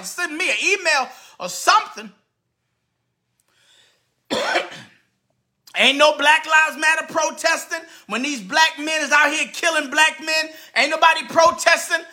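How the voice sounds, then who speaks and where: A man, a radio host delivering an indignant, repetitive commentary rant and often shouting. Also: very high-pitched, measured pace, pauses often.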